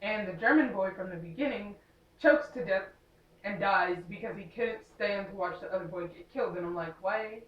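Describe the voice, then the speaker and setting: A woman's voice: mid-range voice, brisk, roomy sound, recorded from a distance, dull audio, slight background noise. A young woman casually recapping a movie, rambling with lots of fillers and sarcastic asides. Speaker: movie reviewer.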